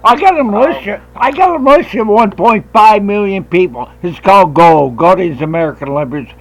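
A man hosting a talk radio show, ranting in a loud, combative and profane way. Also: high-pitched, poor audio. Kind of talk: heated talk radio rant.

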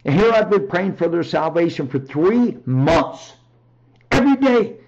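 A man giving a rambling, emphatic personal testimony on a talk show, often raising his voice to near shouting. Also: on the high side, lively intonation, unhurried, lo-fi sound.

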